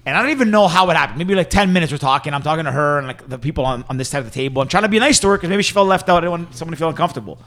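A man's voice: a little high, racing, few pauses, a bit bright. A man co-hosting a podcast, chatting casually and quoting himself and others as he tells a story. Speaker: podcast co-host.

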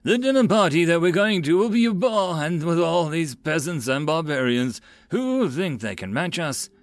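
A man doing an arrogant young lord, shrill and ranting. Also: expressive, moderate pace, no room sound. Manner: indignant ranting.

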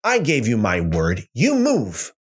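A man's voice: on the high side, wildly swooping pitch, measured pace, husky, exaggerated voice. A man voicing God, urgent and commanding. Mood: urging. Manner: emphatic, repetitive commands. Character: insistent practical God urging Moses, male.

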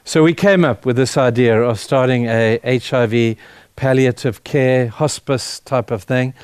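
A man's voice: mid-range voice, a little mellow, clear, resonant tone, dry recording. A middle-aged man, a pastor, giving a sermon as a personal testimony, speaking earnestly and with feeling, often breaking off and restarting his sentences. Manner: earnest, emotional storytelling with halting restarts.

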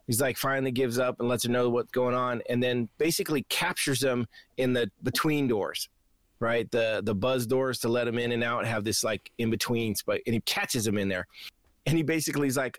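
Male podcast co-host, casual movie recap, profane and animated, dry close sound. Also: mid-range voice, fairly quick, no room sound. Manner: animated, profane storytelling, acts out reactions. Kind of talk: casual movie review chat.

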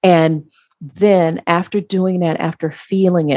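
A woman speaking as an interview guest, slow and earnest, halting and restarting as she reflects. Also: on the low side, steady tone, warm tone, no room sound.

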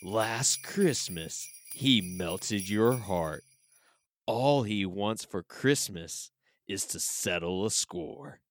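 A man doing a deep slow trailer announcer. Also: animated. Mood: ominous. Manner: slow, solemn trailer narration. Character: movie trailer announcer, male, dramatic.

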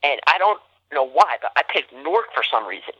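A bright, forward man tells a story in a casual podcast chat, and his voice jumps high whenever he acts out what someone said. The close, dry sound is a little dull, like modest podcast audio. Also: a little fast, husky, no echo. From New Jersey. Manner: animated, acts out quotes with big jumps in pitch. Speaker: podcast guest.

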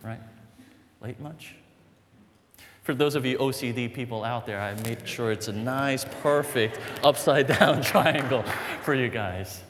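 A man preaching a sermon as pastor, conversational and animated, often checking in with "right?" and "okay?". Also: mid-range voice, normal speed, hardly any pauses, big-room sound, slight background noise.

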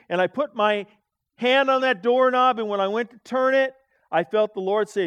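A man preaching a sermon as pastor, animated, with dramatic swings between quiet asides and loud emphatic lines. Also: high-pitched, moderate pace, clean tone, no room sound.

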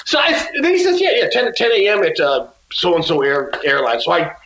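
Male guest, casual storyteller, a little high-voiced, halting with restarts, roomy echo. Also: huge pitch swings, fairly bright tone, a little hiss or hum. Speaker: guest musician.

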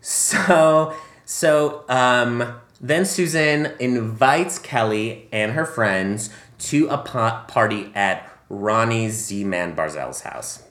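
A man's voice: medium pitch, extremely slow, fairly bright tone, echoey room. A man co-hosting a casual film review chat, chatty and laughing often, with many ums. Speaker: podcast co-host.

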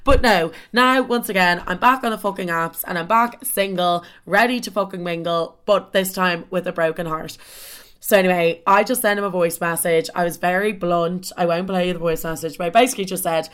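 A young woman telling a story in a casual, animated way, swearing often and saying "like" constantly. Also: on the low side, brisk. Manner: animated, swears a lot, heavy filler "like".

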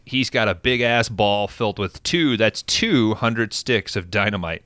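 A man's voice: fairly low pitch, lively intonation, a little slow, few pauses, bright, forceful tone, no room sound, studio quality. A man casually recapping a movie plot on a podcast, laid-back and profane, with lots of fillers. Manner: laid-back, swears often, frequent fillers. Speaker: podcast host recapping a film.

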